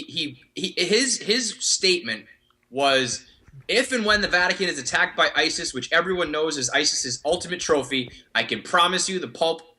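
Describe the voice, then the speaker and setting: A man's voice: on the high side, pushed and bright. A man co-hosting a podcast, ranting about the news in emphatic, profane banter. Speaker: podcast co-host.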